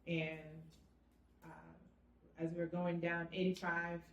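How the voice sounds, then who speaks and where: Brief: middle-aged mom recounting a highway scare at an even pace, lots of "um"s; distant mic in an echoey space. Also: female voice, takes it slowly, highs cut off, a little hiss or hum. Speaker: vlogger's mother. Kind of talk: casual storytelling. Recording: roomy sound, mic at a distance.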